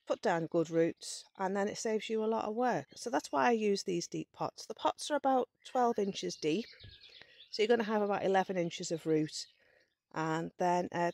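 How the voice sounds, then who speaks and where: A woman's voice: medium pitch, gravelly, darkish tone, no echo. A woman giving a casual, chatty walk-around garden tour, explaining her methods step by step and a bit out of breath. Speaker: gardening vlogger. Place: outdoor garden and polytunnel.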